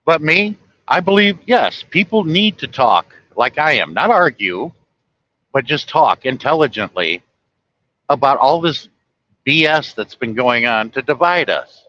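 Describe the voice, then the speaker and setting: A man's voice: medium pitch, expressive, a little slow, bright, forceful tone, muffled recording. A man driving a truck, chatting casually and folksily with viewers from the road. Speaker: truck driver livestreaming. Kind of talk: casual rambling talk to viewers. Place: truck cab on the highway.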